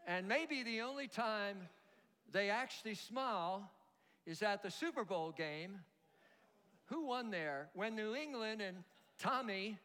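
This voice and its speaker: High-voiced preaching pastor in a hall. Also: male voice. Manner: animated preaching with call-and-response. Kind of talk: sermon. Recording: long hall reverb.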